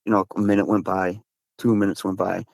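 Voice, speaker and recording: A man from Massachusetts, a guest recounting his encounters in casual storytelling, excitable, with frequent restarts and slang. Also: low-pitched, brisk, vocal fry, no room sound. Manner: excitable, swears, says dude a lot, frequent restarts.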